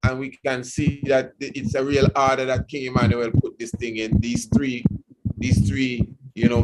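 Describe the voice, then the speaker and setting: A man's voice: medium pitch, heavy background noise. A man hosting a reflective radio talk program, speaking in a meandering way with frequent "you know"s.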